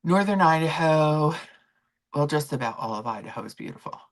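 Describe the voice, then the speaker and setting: A woman's voice: low-pitched, lively intonation, moderate pace. A middle-aged woman hosting a casual livestream, chatting in a rambling way and answering viewers' comments. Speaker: livestream host.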